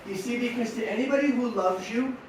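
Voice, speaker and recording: Middle-aged male coach, high-pitched, energetic motivational talk, recorded far off in a reverberant hall. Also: fast talker, a little hiss or hum. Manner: energetic, rhetorical questions to the audience. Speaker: sports mental coach. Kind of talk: motivational talk to young riders. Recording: echoey room, mic at a distance.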